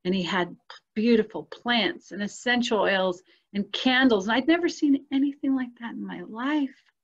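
A woman telling her own life story in a casual conversation, animated and expressive, acting out the voices she quotes and laughing often. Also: fairly high pitch, moderate pace. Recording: dull lo-fi sound.

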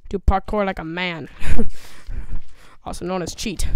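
In her let's play commentary, this gaming host jitters along, chattering nervously to herself and at the monsters in the game. She speaks slowly in a lowish voice with a steady tone, over a little hiss or hum.

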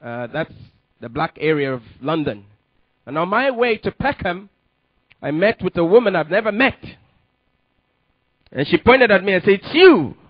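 A man preaching a sermon and telling his testimony, with emphatic delivery that rises to sudden loud peaks. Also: sits high, big pitch swings, moderate pace, pauses often, no echo, lo-fi sound. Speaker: pastor.

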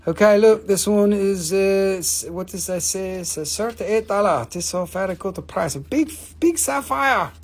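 A man's voice: high voice, expressive, normal speed, hardly any pauses. A man hosting a live stream that sells rocks, chatting in a profane, rambling way and laughing often. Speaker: host of a live rock sale. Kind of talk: live-stream sales chat.

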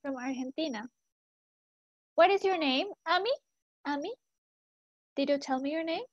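A woman's voice: sits high, moderate pace, highs cut off. A young woman teaching an English class to students, asking many short questions and switching into Spanish to explain.

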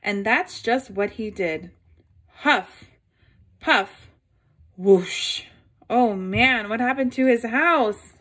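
A woman reading a picture book aloud to children, gently stopping to ask her listeners questions. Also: fairly high pitch, a little slow, hardly any pauses.

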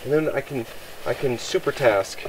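A young man vlogging on a wilderness camping trip, talking casually to the camera and coaxing his dog in high, excited calls. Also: moderate pace, recorded from a distance, noisy background. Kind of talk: casual outdoor vlog talk to camera and dog. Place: outdoors in the woods at a campsite.

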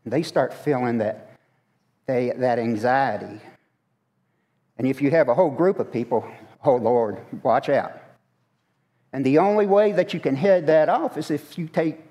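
Preaching conversationally in a church sanctuary, a man questions his congregation along the way. His voice is a little high and darkish, and the recording has a long hall reverb.

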